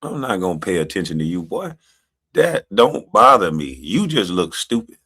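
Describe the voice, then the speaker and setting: A man with a low voice talks over clips he is reacting to. He sounds mocking and dismissive, needling a rival. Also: big pitch swings, normal speed, bright, forceful tone. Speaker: streamer reacting to video clips. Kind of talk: casual reaction commentary.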